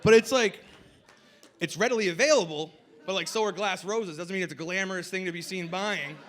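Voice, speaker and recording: Here a young comic works a festival stage, his delivery rambling and full of "like," with occasional shouts over the crowd. The voice is high and the pace brisk.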